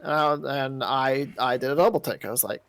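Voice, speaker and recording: A man's voice: medium pitch, moderate pace, a bit bright. A man co-hosting a casual wrestling podcast in a laid-back, wry way. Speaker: podcast co-host.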